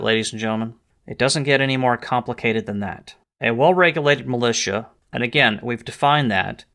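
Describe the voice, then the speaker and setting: Speaking in a sharp, mid-range voice, a man hosting a history and politics show gives a lecturing, emphatic monologue about the Second Amendment. He reads quotations aloud, stressing them heavily.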